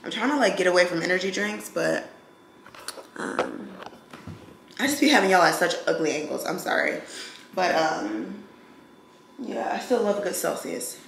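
A woman's voice: lowish voice, lively intonation, normal speed, creaky, long pauses, a bit bright, a little hiss or hum. Chatty young woman vlogging at home. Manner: chatty, talks to viewers as y'all. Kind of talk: casual vlog chat to camera. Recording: echoey room with kitchen clatter.

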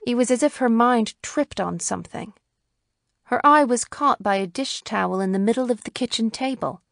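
A woman narrating a classic short story in a measured, even storytelling manner. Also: on the high side, creaky, no room sound, clean studio sound. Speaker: audiobook narrator.

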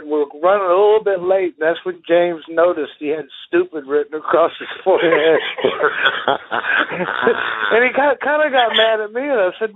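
Laughing man telling road stories, tinny audio. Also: high voice. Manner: laughing, rambling anecdotes. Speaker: retired pro wrestler guest. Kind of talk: casual storytelling.

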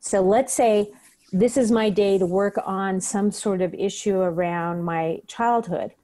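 Woman guest, breathwork teacher, earnest conversational delivery with a warm, dark tone. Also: mid-range voice, a little slow. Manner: earnest, acts out her own inner questions. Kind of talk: conversational interview.

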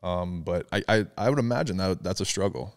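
A young man from New Jersey hosts a casual interview, talking fast and swearing freely as he tells his stories. His voice sits a little low, and he keeps the chat loose and animated. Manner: fast, profane, animated storytelling. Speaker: podcast host.

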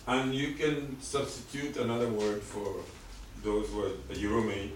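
A man's voice: on the low side, a little slow, noisy background. A man teaching a language class, patiently repeating words for his students to echo back. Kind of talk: classroom vocabulary drill. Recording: echoey room, far from mic.

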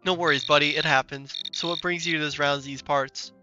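A man's voice: a little high, fairly even intonation, fairly quick, muffled recording, music in the background, close to an everyday voice. A man voicing a folksy Canadian lumberjack character in a game, with a Canadian accent and a hearty drawl full of "eh".

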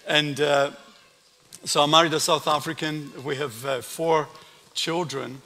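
Preaching a sermon as a guest pastor to a congregation in a large church, an older man with a Scottish accent speaks unhurriedly, with a fairly high pitch and fairly even intonation. His storytelling is warm, sprinkled with asides to the congregation, amid church hall reverb.

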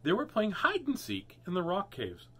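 A man's voice: high-pitched, wildly swooping pitch, normal speed, a bit bright, slightly rough. A man hosting a read-aloud of children's books, playful with jokey asides between pages. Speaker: host reading children's books.

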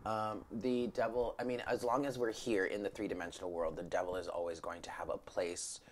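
A woman's voice: rumbling low, steady tone, a little fast, a little hiss or hum. A woman giving a casual spiritual tarot reading, talking frankly and emphatically, swearing freely and dropping into whispered asides. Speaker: tarot reader.

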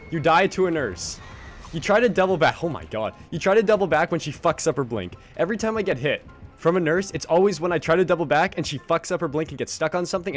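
A man commentating his own gameplay in a lively, higher-than-usual voice that jumps between low mutters and sudden yelps. He swears constantly and talks straight to his viewers. Faint game music plays underneath. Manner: swearing, mutters asides and yelps when chased. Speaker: gaming channel host.

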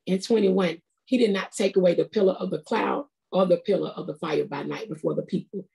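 A woman's voice: on the low side, a little fast, creaky, few pauses, dark tone. A middle-aged woman, preaching a sermon in an earnest, conversational, colloquial way. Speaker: prophetess preaching.

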